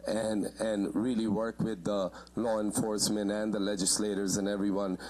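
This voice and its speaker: A middle-aged man stands to give public comment at a committee hearing, speaking in an earnest, halting way full of fillers. His voice is low-pitched and husky. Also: flat delivery, a little mellow, low-quality recording. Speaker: community member giving public testimony.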